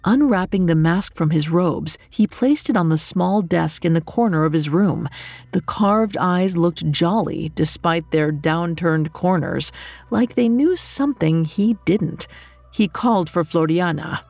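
A woman narrating a scripted story in a measured, dramatic way. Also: on the low side, animated, gravelly, a little mellow, no echo. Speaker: podcast narrator.

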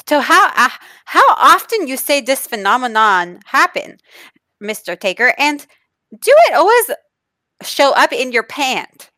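A woman co-host fires off playful, mock-serious questions in a high, bright voice that swoops up and down a lot. Her sound is dry and close to the mic. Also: big pitch swings, unhurried, dry recording.

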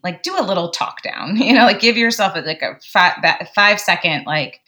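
A woman's voice: mid-range voice, animated, normal speed, sharp tone. A woman psychologist who is a guest on a podcast, speaking animatedly, acting out inner dialogue and laughing often. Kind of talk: casual podcast conversation.

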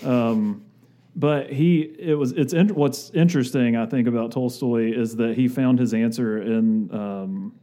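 A man's voice: medium pitch, unhurried, dark tone. A man co-hosting a podcast, talking casually and thinking aloud in loose, winding sentences. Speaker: podcast co-host.

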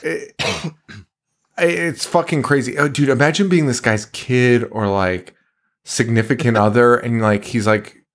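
A man's voice: medium pitch, steady tone, a little slow. A man co-hosting a podcast, recapping a movie in casual, profane, exasperated rants. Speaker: podcast co-host.

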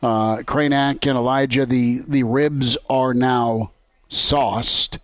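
A man's voice: medium pitch, steady tone, takes it slowly, no echo, poor audio. A man hosting a sports radio show from his home kitchen, talking in a jovial, rambling way with many restarts. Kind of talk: casual sports radio chat.

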